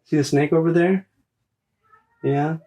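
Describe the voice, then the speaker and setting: A parent using gentle, coaxing baby talk to a small child, repeating words slowly and reassuring the child. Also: medium pitch, fairly even intonation. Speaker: parent showing animals to a toddler.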